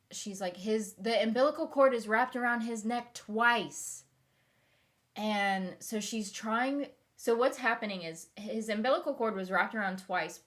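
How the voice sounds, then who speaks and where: A woman's voice: medium pitch, fairly bright tone. Woman, young adult, casual vlog storytelling, rambling, many fillers. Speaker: vlogger.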